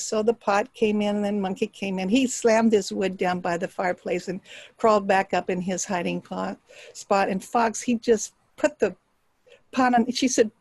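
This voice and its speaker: A woman storyteller telling a folktale aloud, expressive and dropping to hushed tones for suspense. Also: mid-range voice, normal speed, dry recording, poor audio. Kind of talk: live oral storytelling.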